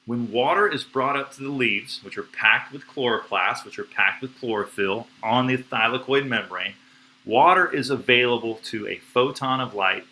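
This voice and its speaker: A man lectures on biology with eager, slangy energy and throws in playful sound effects. His voice is very bright and forward in tone. A faint hiss of noise sits under the stream. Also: mid-range voice, normal speed, low-quality recording. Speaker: biology teacher. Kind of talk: enthusiastic live-streamed lecture.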